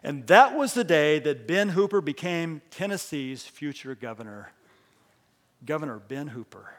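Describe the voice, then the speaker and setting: A pastor telling a story in his sermon. He swings between hushed lines and loud, emphatic ones and leads the congregation in call and response. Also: a little high, animated, unhurried, long reverb tail.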